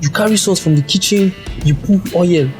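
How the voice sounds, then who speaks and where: A man voicing a stern, sharp-tongued mother scolding her child in a raised, exasperated voice. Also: high voice, a little fast, soft background music, pitched above the performer's own voice, close to an everyday voice.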